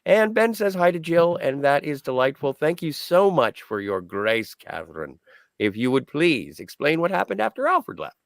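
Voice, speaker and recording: A man's voice: on the high side, sing-song, moderate pace, gravelly, dry recording, clean studio sound. A man hosting a podcast in casual chat, reading out comments from listeners. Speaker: podcast host.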